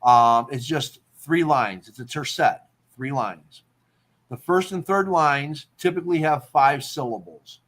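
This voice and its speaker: A man's voice: on the high side, measured pace, fairly bright tone. Casual man explaining poetry terms. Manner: explains terms, checks in with "okay?". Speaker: podcast host.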